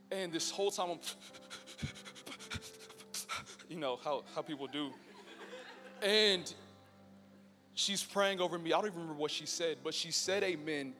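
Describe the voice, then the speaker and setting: A man's voice: on the high side, fairly bright tone. A young man giving a casual, joking personal testimony to a live church audience. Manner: casual, storytelling, joking with the crowd. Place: church hall. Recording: long reverb in a church hall with faint music.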